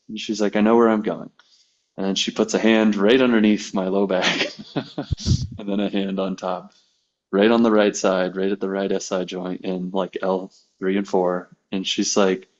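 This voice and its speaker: Low-voiced man telling a story. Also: fairly even intonation, moderate pace, muffled recording. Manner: conversational storyteller, acts out quoted dialogue. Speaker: podcast guest, massage therapist. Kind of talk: casual conversation, personal storytelling.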